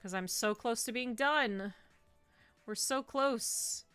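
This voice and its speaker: Brief: woman game streamer, unhurried casual chat at a home desk mic, dry close sound. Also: on the high side, clean tone, no room sound, soft background music. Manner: animated, says 'ew' and 'icky' with disgust, ranting.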